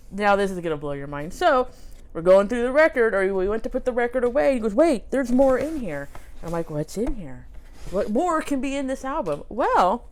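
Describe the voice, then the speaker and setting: Rambling, chatty woman vlog host, slightly low voice, casual at home. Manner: rambling and chatty, laughs often. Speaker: vlog host showing records. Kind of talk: casual chat. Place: home near a railway.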